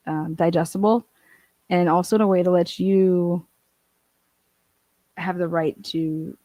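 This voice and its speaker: A woman's voice: on the low side, warm tone, no echo. A woman hosting a casual livestream, chatting and reading out viewer comments, swearing and laughing often. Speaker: livestream host reading chat.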